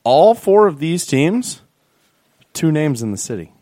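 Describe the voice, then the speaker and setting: A man's voice: fairly high pitch, sing-song, unhurried, mellow, no echo. A man co-hosting a sports podcast in casual chat, with dry, self-mocking humor. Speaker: podcast co-host.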